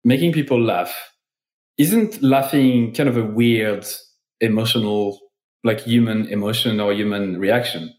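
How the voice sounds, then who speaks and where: A man's voice: fairly low pitch, unhurried, a little mellow, roomy sound. A man hosting a marketing podcast in casual interview chat, playful and self-deprecating and heavy on fillers. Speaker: podcast host.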